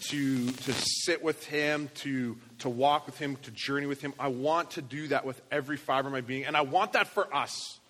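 A man's voice: medium pitch, steady tone, normal speed, few pauses, in a large hall, noisy background. A male pastor preaching in a passionate, emphatic way. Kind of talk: sermon.

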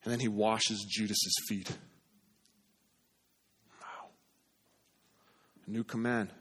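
A man preaching a sermon in an earnest way, repeating phrases for emphasis and dropping to a hush on key points. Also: on the low side, level tone, normal speed, husky. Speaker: pastor.

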